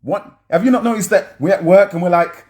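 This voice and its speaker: A man's voice: sits high, brisk, a little mellow. A man commenting on film scenes for his audience, emphatic and preacher-like, often checking in with "yeah?".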